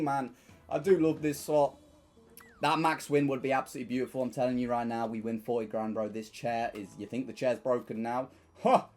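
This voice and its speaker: Excitable man with a lively voice. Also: mid-range voice. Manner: excitable, bursts into shouting at wins. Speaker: online slots streamer. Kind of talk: casual gambling commentary.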